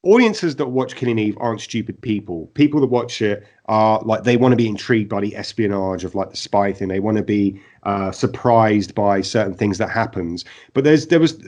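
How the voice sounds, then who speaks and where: Casual co-host: man, fairly low voice, animated, lots of fillers and restarts. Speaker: podcast co-host. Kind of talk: casual TV review chat.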